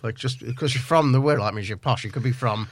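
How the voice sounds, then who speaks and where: A man's voice: medium pitch, fast talker. A man co-hosting a community radio show in a studio, hesitant and slightly under the weather. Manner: hesitant, with many fillers and restarts. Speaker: radio co-host. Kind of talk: casual community radio chat.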